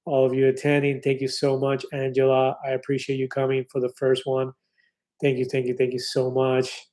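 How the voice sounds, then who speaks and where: A man's voice: medium pitch, completely flat delivery, moderate pace, mellow. A man in his fifties hosting a casual live stream, reading viewer comments aloud in an upbeat, chatty way with many fillers and restarts. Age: 50s.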